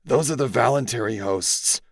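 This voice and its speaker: A man's voice: medium pitch, normal speed, no echo, studio quality, pitched above the performer's own voice, natural voice. A man voicing an earnest teenage boy who explains things in a lifted, serious voice, in a solo-acted audiobook. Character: Tobias, earnest teenage boy trapped as hawk.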